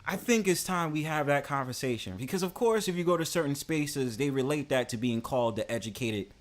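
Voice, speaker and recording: A man's voice: mid-range voice, lively intonation, a little fast. A man hosting a livestream in casual, slangy, joking chat, full of filler phrases. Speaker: stream host.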